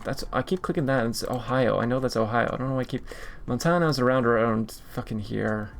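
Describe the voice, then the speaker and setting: Gravelly man grumbling through a stream. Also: mid-range voice, fairly quick, a little hiss or hum. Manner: frustrated, swearing, talking to himself while playing. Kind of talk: casual gaming stream commentary.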